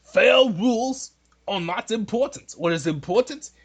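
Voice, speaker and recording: A man's voice: high-pitched, lively intonation, measured pace, slightly rough, voice pushed up, full character voice. A man doing a meek old politician with a put-on accent. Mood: meek pleading. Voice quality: exaggerated accent. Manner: pleading, submissive. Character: meek, frail old male politician, apologetic.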